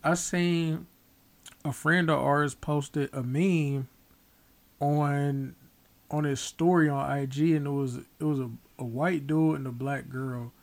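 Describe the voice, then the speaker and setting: An adult with a mid-range voice in a relaxed chat. The talk is slangy and profane, with dry comments on what others say. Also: mid-range voice, slow, vocal fry. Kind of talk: casual chat.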